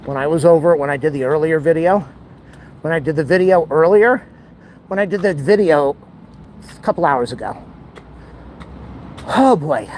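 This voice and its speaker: Breathless man, walking vlog, slightly high, chatty and exclaiming, street noise behind. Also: expressive, normal speed, pauses often, darkish tone, rough recording. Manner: chatty, rambling, exclaims often. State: out of breath, overheated. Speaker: vlogger. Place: outdoors on a city street near an airport. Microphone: camera held while walking.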